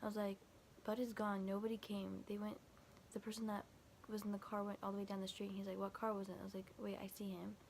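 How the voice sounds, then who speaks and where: A woman's voice: mid-range voice, monotone, fast talker, creaky, hardly any pauses, a little mellow, slight background noise. A young woman vlogger casually retelling a scary night, quoting back and forth with lots of "like" and restarts. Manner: quotes texts with constant "I was like", "he's like"; rambling, filler-heavy, frequent restarts.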